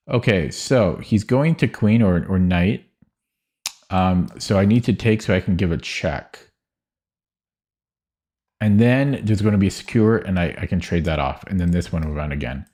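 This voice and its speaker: Low, slow-talking man muttering through chess puzzles. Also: a little mellow. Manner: muttering, hesitant, self-correcting. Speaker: chess streamer. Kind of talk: thinking aloud while solving puzzles.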